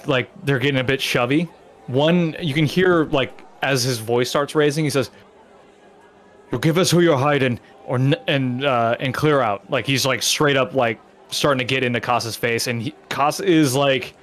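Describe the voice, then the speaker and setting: A man narrating as game master, loose and chatty with lots of fillers. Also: mid-range voice. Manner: loose narration with many likes and laughs.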